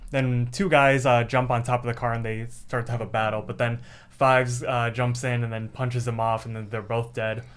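Casual young man retelling a cartoon plot on a podcast, rambling with fillers and quick acted-out quotes. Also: mid-range voice, flat delivery, clear, resonant tone. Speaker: podcast co-host. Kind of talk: casual chat recapping an episode.

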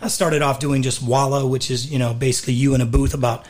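A raspy-voiced man, a voice actor and guest in a studio interview, telling candid stories and laughing often. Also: medium pitch, steady tone, fast talker, a little mellow. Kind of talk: casual storytelling in interview.

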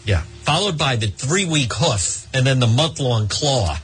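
This middle-aged radio host has a slightly high, breathy-edged voice and talks at a normal speed. He's animated and sarcastic, wandering off on tangents during live ad reads at his studio mic as he plays up mock exasperation.

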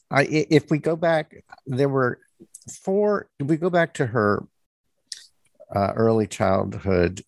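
A man hosting an interview, asking questions hesitantly with many pauses and restarts. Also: fairly low pitch, creaky, dry recording. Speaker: interviewer host. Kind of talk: interview conversation.

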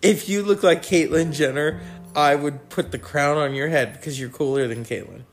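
A man's voice: a little high, normal speed, faint music behind. A man hosting a comedy show, teasing his co-host in brash, profane banter.

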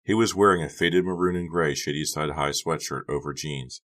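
A man narrating an audiobook in a steady storytelling delivery. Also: a bass voice, normal speed.

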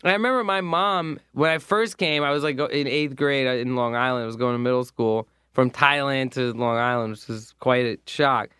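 A young man talking in a relaxed, casual chat, swearing freely and slipping into goofy quoted voices. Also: medium pitch, a little fast, hardly any pauses, clean tone, dry recording, clean studio sound.

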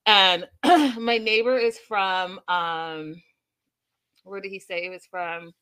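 Woman, podcast co-host, casual storytelling, bright tone, dry close mic. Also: fairly low pitch, clear, resonant tone, no echo. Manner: animated storytelling, quick asides to live chat. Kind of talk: casual chat.

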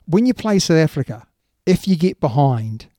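A man talks rugby in a loose, emphatic way, full of yeahs and you knows. His voice sits a little high but has a mellow, warm tone. The sound is dry and close. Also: very animated, moderate pace, no room sound. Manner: chatty, emphatic, lots of yeah and you know. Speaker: rugby podcast co-host. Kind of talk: casual sports chat.

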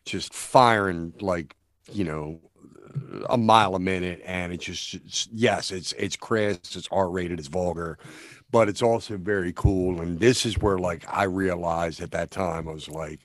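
A man co-hosting a podcast, chatting casually about films in a halting way, stammering and using lots of fillers. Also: sits low, no echo. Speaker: podcast co-host. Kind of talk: casual film discussion.

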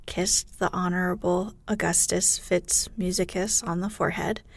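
A woman reads an old-fashioned story at a very slow, unhurried pace, her soft voice often sinking into a whisper. The recording is dry and close, with no room sound around her. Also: mid-range voice, creaky, dry recording. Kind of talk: storybook narration.

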